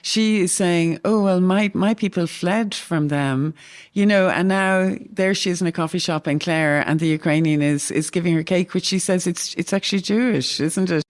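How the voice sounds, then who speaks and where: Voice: mid-range voice, fairly even intonation, moderate pace, few pauses. An interviewer asking long, winding questions about a novel.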